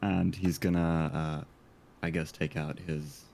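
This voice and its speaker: A man's voice: very deep voice, level tone, measured pace, vocal fry, a little mellow. A man playing a tabletop game, talking casually and a bit tentatively about his character's moves. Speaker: player.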